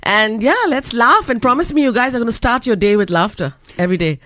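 A woman with a slightly high voice speaks as a guest on a radio show. She sounds upbeat and encouraging as she describes her work. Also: expressive, fairly quick, fairly bright tone, a little hiss or hum. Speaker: laughter trainer guest. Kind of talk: radio interview. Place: radio studio.

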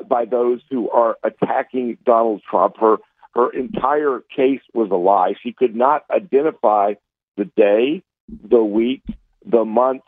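A man's voice: mid-range voice, no echo. A man calling in over a tinny, narrow phone line, his voice dry and close with no room around it. He talks in a combative, scornful way, stumbling through fillers and restarts. This is political commentary on a call-in show. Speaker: political contributor.

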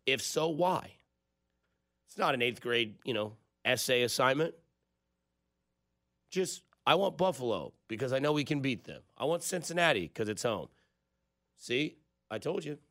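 A man's voice: mid-range voice, expressive, moderate pace, pauses often, a bit bright, dry recording. A man hosting a sports radio show, casual and jokey, on a close studio mic. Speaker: radio host.

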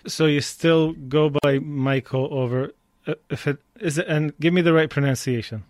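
A man's voice: fairly high pitch, normal speed, a little mellow, no echo. A man in his thirties interviewing a guest, asking curious and probing follow-up questions. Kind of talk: casual interview conversation. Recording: dry close sound.

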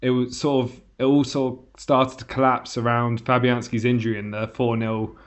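A man with a voice of ordinary pitch hosts a relaxed fan podcast. He muses over past matches. He hands the talk on to his co-hosts. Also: normal speed. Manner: reflective, steers the conversation. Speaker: podcast host. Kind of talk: casual fan podcast chat.

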